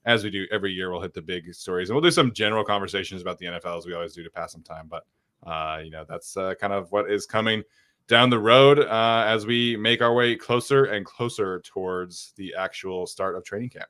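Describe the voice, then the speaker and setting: A young man hosts a sports podcast in an easygoing, energetic chat. His voice is bright and crisp, sitting slightly low. He leans on fillers as he talks. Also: brisk. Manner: energetic, chatty, many fillers. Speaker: podcast host.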